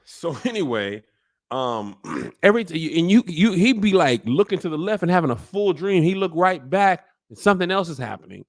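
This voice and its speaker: A man hosting a comedic TV recap, riffing in a slangy, animated way. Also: fairly high pitch, normal speed.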